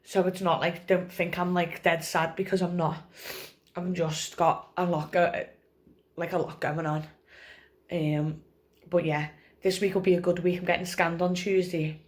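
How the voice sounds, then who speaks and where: A woman's voice: on the low side, level tone, measured pace. Young woman, personal vlog, rambling, tearful, lots of fillers, phone camera. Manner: rambling, tearful, laughing through tears, many fillers. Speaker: vlogger.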